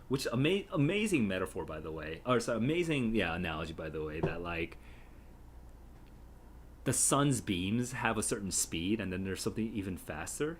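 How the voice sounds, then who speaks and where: A man's voice: on the low side, very animated, moderate pace, slight background noise. A man reading a play and reacting to it casually, musing aloud and correcting himself as he goes. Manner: musing, self-correcting, chatty.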